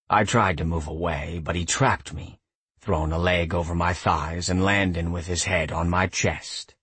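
Deep husky guy reading a romance audiobook, reflective, dry close sound. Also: fairly even intonation, a little slow, fairly bright tone, no room sound. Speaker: audiobook narrator. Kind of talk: first-person scripted narration.

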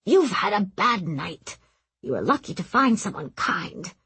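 A woman voicing a tall, gentle old male master mage who is fond of animals, with a light, breathy voice and a soft, doting murmur. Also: medium pitch, big pitch swings, unhurried, dry recording, exaggerated voice. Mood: tender.

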